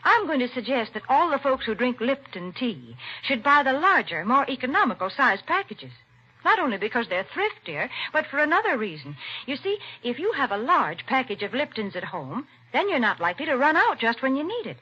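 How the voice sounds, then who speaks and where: Husky, lively radio co-host. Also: female voice, high voice, brisk. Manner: sweet and practical. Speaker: co-host and ad reader. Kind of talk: 1940s radio banter and sponsor reading. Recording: dull lo-fi 1940s radio recording.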